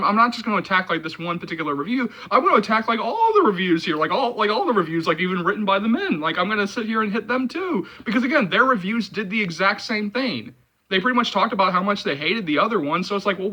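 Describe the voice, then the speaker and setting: A man hosts his own movie channel and delivers a heated, repetitive rant, leaning on filler words and swearing often. His voice sits a little high with a bright, forceful edge. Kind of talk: ranting vlog commentary.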